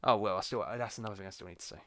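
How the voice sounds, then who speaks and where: A man's voice: lowish voice, fairly even intonation, rapid-fire, a bit bright, no room sound, clean studio sound. A man co-hosting a podcast, reading an article aloud with sarcastic asides. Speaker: podcast co-host.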